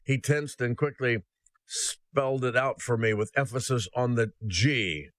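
A man preaching a sermon, telling a story aloud in an earnest, slow and solemn way. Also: mid-range voice, a bit bright, no echo. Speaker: ministry host.

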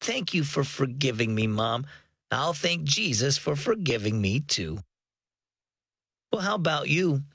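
A man hosting a children's devotional radio show, reading scripted lessons and stories in an upbeat, expressive way. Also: fairly high pitch. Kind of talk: scripted devotional narration for kids.

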